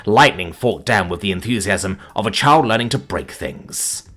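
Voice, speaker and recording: A man narrating a comic fantasy story with wry, deadpan asides. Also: on the low side, normal speed, soft background music.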